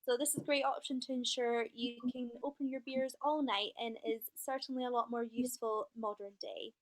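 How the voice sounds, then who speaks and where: A woman with a fairly high voice reads a prepared explanation in an even, informative way. She co-hosts a live shop chat and turns warmly to thank viewers for their comments. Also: a little fast, rough recording. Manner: steady, informative, friendly to viewers. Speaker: shop presenter. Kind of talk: reading a prepared script.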